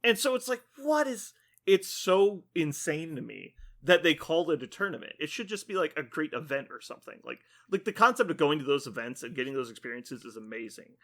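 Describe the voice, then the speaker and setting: A man's voice: fairly high pitch, big pitch swings, brisk, fairly bright tone. A man co-hosting a podcast, ranting casually with lots of swearing and acted-out quotes. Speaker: podcast co-host.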